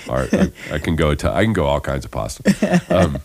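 A man with an extremely deep, rumbling voice hosts a casual morning radio chat. His delivery swings widely in pitch, bouncing and animated. He is chatty, laughs easily and scatters fillers as he goes. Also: quick pace, vocal fry. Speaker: radio show host. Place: radio studio.

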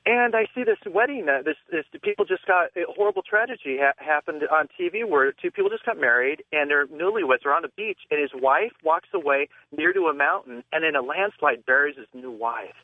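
A man calling into a radio show, telling a long personal story in a halting, rambling way with nervous laughs. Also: a little high, animated, no echo. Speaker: caller. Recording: tinny phone line.

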